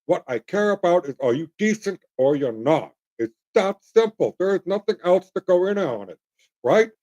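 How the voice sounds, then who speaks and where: A man's voice: high voice, big pitch swings, normal speed, a little mellow. A middle-aged man hosting a livestream, talking in a rambling, opinionated way and calling his listeners folks. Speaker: livestream host. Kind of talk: casual livestream monologue.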